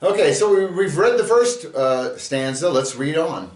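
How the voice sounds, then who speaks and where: A man's voice: a little high, expressive, measured pace, hardly any pauses, darkish tone, reverberant. A man giving a casual Bible lesson video, chatty and full of fillers, reading his verse aloud. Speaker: bible teacher.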